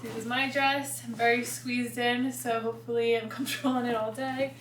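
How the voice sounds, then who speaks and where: Her voice is on the high side with little pitch movement, and she talks fairly quickly. Travelling with a handheld phone, this woman vlogs in a chatty, bubbly way, laughing often, in noisy footage recorded outdoors and indoors.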